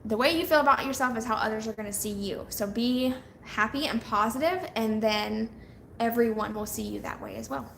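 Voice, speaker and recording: Young woman chatting live with viewers, bright higher voice, laughs easily, echoey room. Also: fairly quick, vocal fry. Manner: chatty, laughs often while telling stories. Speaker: vlogger on a live hangout. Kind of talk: casual chat with viewers. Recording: echoey room with faint noise.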